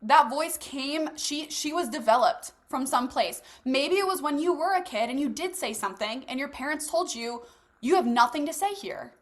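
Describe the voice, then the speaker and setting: A young woman leads a motivational group session in a high, bright voice. She talks casually and bluntly, drops swear words without fuss and speaks straight to her listeners like friends. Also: animated, normal speed, few pauses. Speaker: host leading a live masterclass. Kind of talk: motivational coaching talk.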